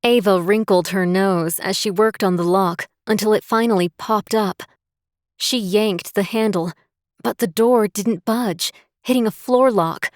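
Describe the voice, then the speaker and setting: In clean, dry studio audio, a medium-pitched female narrator reads a romantic suspense audiobook from a script. Her delivery stays even and measured throughout.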